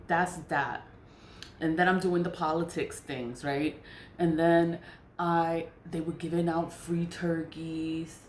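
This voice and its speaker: A woman's voice: sits low, little pitch movement, takes it slowly, darkish tone, a little hiss or hum. Rambling New woman in echoey room. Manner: rambling, repetitive, laughs often. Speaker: vlogger. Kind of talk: casual storytelling rant. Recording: roomy echo.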